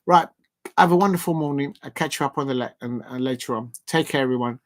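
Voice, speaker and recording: A man's voice: medium pitch, fast. A man hosting a live stream in a casual, playful way, repeating catchphrases and chuckling to himself.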